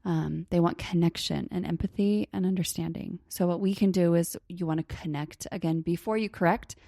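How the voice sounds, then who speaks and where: A woman therapist co-hosting a parenting podcast, calmly explaining a method and softly acting out gentle example phrases. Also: lowish voice, a little fast, gravelly, no room sound, clean studio sound. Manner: calm, explanatory, slips into soft hushed example phrases. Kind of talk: casual teaching on a parenting podcast.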